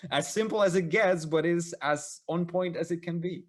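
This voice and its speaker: Halting, encouraging male podcast host. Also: fairly high pitch. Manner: encouraging, halting, many fillers and restarts. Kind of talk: interview questions.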